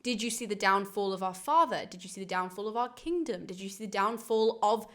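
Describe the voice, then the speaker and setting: A woman voicing an anxious, self-absorbed older sister who fires off rapid, worried questions about her own sons. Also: medium pitch, natural voice.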